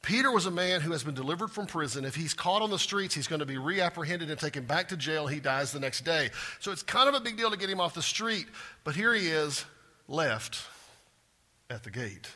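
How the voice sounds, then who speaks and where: Male pastor, sermon, very bright tense voice, husky edge, animated, asks the crowd questions. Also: fairly high pitch, brisk. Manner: animated, acts out scripture quotes with rising intensity; asks the congregation direct questions.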